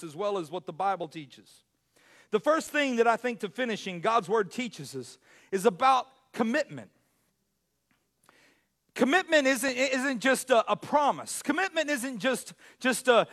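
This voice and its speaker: Male pastor, very high voice, animated sermon delivery, frequent restarts. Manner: animated, self-correcting preacher with frequent restarts.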